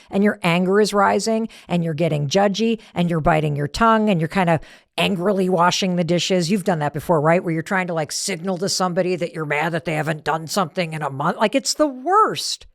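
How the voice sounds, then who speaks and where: A middle-aged woman hosting a podcast, telling a story in an animated motivational talk that drops to whispered asides. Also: fairly low pitch, brisk, creaky, no room sound, studio quality. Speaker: podcast host.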